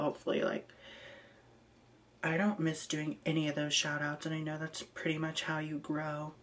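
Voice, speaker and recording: A woman vlogging casually, reading out messages with dry, amused asides and frequent ums. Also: sits low.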